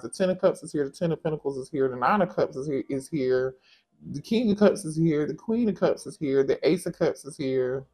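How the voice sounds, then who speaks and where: Animated man reading tarot cards. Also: a little high. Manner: animated, exclaiming, talks straight to viewers as y'all. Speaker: tarot reader. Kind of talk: casual tarot reading to viewers.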